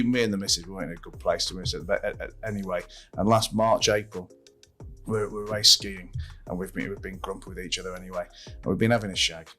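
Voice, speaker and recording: A man's voice: lowish voice, fairly bright tone. Rambling man telling a story. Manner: rambling storyteller, lots of repeated words and swearing. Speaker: podcast host. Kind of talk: casual interview chat.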